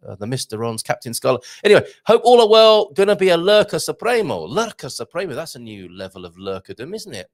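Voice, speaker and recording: A middle-aged man hosts a live morning stream, reading out viewer messages and trading puns. His voice has a gravelly edge and leaps up and down in pitch as he greets people. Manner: chatty, playful, punning, greets viewers by name; lively up-and-down pitch, jumps high for greetings. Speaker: host.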